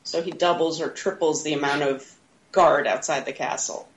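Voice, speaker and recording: A woman's voice: low voice, steady tone, normal speed, a crowd in the background, poor audio. A woman co-hosting a podcast, casually retelling a movie plot with laughs and quoted lines. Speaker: podcast co-host. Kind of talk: casual movie recap chat.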